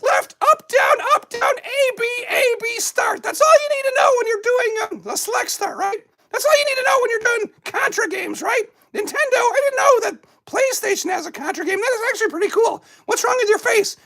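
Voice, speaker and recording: A woman voicing a rowdy, giggly skeleton who hosts a puppet comedy show and rambles loudly. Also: very high voice, full character voice. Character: rowdy cackling skeleton host, adult. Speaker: show host.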